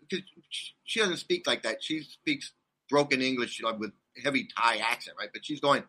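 A man's voice: on the high side, brisk, pushed and bright. A man telling a rambling travel story in casual chat, laughing often and restarting his sentences. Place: condo abroad.

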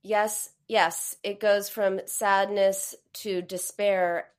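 A woman hosting a live advice talk, speaking reassuringly and voicing comforting phrases as she explains. She is middle-aged, and her pitch sits in the middle of the usual range for a woman. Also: little pitch movement, extremely slow, clear, resonant tone. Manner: warm, reassuring, acts out comforting quotes. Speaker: host and therapist. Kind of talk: live-streamed advice conversation.

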